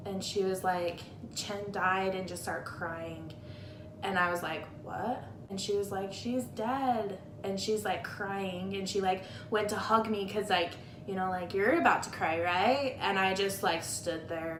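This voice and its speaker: A woman's voice: medium pitch, slight background noise. A woman chatting candidly about a loss, rambling along and using "like" a lot, recorded on a tablet. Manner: candid, rambling, heavy use of "like". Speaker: guest friend. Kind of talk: casual chat about grief. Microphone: tablet camera. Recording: echoey room.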